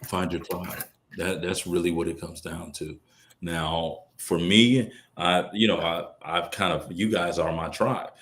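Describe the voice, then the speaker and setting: A middle-aged man speaking as a podcast guest, telling colloquial stories, acting out other people's lines, and swinging from loud bursts to hushed asides. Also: low voice, fairly even intonation, a little slow. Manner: colloquial, quotes others in character. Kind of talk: casual storytelling on a podcast.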